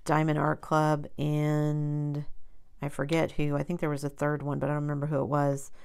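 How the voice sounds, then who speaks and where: A woman's voice: sits low, monotone, normal speed, creaky, darkish tone, clear, resonant tone. A woman hosting her own crafting channel, talking in a rambling, chatty way with many ums and self-corrections. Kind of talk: casual chat.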